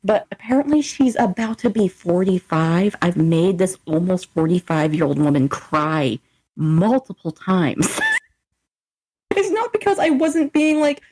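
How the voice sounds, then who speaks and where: A woman's voice: fairly low pitch, animated, unhurried, darkish tone, slightly rough. A young woman co-hosting a podcast in casual chat, blunt and swearing freely as she acts out quoted exchanges. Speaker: podcast co-host.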